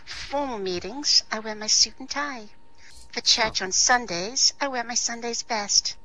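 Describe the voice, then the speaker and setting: A woman voicing an older male public speaker delivering a measured, wry icebreaker. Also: fairly high pitch, bright, forceful tone, low-quality recording. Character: old male public speaker, dry joker.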